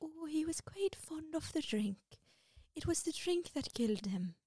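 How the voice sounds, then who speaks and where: A woman doing a prim elderly nanny, breathy and raised in pitch, sounding dry in a close, dead room. She is retelling a film scene with a straight face. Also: lively intonation, a little slow, warm tone, no echo. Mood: deadpan.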